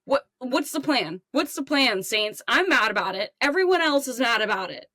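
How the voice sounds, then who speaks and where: A woman playing a furious shouting radio caller. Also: fairly high pitch, lively intonation, normal speed, no room sound, pitched above the performer's own voice. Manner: ranting, shouting and swearing. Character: furious female sports radio caller, fed-up fan.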